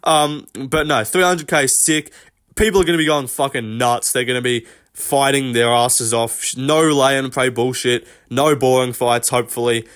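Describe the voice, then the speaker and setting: A man talks through a fight press conference in a loose, rambling way. He is blunt and swears freely. His voice sits at an ordinary middle pitch. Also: steady tone, moderate pace, a bit bright. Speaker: MMA commentary host. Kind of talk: casual reaction commentary.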